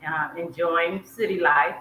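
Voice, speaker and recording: A woman from South Georgia with a Southern US accent, a podcast guest chatting in an easy, unhurried way and laughing at herself. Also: on the low side, fairly even intonation, pushed and bright. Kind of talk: casual interview chat. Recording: echoey room with faint hiss.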